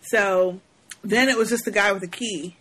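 A woman's voice: mid-range voice, fairly even intonation, moderate pace, very noisy. A woman co-hosting a podcast, casually recapping a movie, often laughing and asking questions. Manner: laughing, playful, asks questions. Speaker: podcast co-host.

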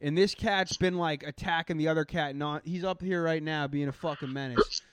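A man's voice: on the high side, normal speed, a bit bright. A man co-hosting a podcast in casual, profane chat, joking and talking to his cats. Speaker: podcast co-host.

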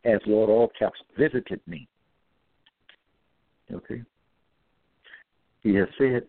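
Gravelly man preaching over tinny audio. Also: fairly low pitch, slow, pauses often, no echo. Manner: repetitive, emphatic, reads out verse references. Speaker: self-styled religious preacher. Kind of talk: scripture-quoting monologue. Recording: tinny phone-like dry audio.

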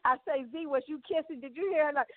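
Teasing high-voiced woman over the phone. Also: steady tone, fast, no echo. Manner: teasing and laughing. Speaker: guest on a call-in show. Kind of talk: casual call-in show chat. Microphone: phone call. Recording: dry tinny phone line.

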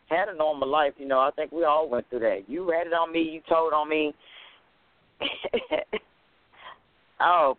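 A man's voice: a little high, dry recording. Chatty male radio host over a phone. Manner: loose, chatty, repeats himself. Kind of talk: casual internet radio hosting. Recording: dry phone line.

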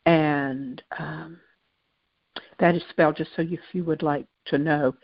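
Lower-voiced woman hosting a spiritual talk. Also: fairly even intonation, measured pace, gravelly, no room sound, dull audio. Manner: conversational, with frequent fillers and restarts. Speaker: host. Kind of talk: casual spiritual talk show monologue.

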